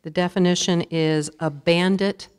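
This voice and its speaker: A low, deep-voiced woman serves as a spelling bee pronouncer, announcing words one at a time and repeating each clearly. She reads definitions and example sentences in an even, measured, formal tone, her voice ringing with the long reverb of a large school auditorium.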